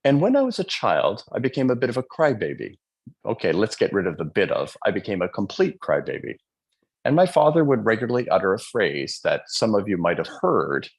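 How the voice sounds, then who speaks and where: A man's voice: lowish voice, wildly swooping pitch, moderate pace, slightly rough. A man giving a live motivational speech in a fervent way, often asking the audience questions and acting out quotes in changed voices. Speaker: motivational speaker.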